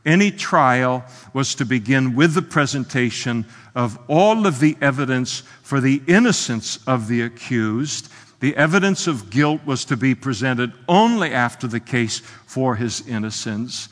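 A man pastor delivering a sermon with passion, dropping to quiet asides and then surging into loud, emphatic lines. His voice sits at an ordinary middle pitch for a man. The sound rings out with a long reverb, as in a church sanctuary. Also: animated, measured pace. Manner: impassioned, swings from soft to loud with emphatic quotes. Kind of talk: expository sermon.

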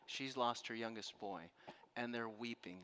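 A man preaching a sermon to a room and listeners at home, telling a story with passion and dropping from loud to hushed. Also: medium pitch, unhurried, clear, resonant tone. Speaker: pastor. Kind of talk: sermon to a live congregation. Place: room with an audience.

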